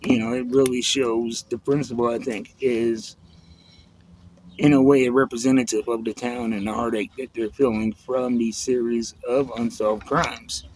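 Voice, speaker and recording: A man reviewing a comic book in a relaxed, reflective way, leaning on "you know" as he talks it through. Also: mid-range voice, normal speed, a little hiss or hum, low-quality recording. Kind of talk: casual spoken review.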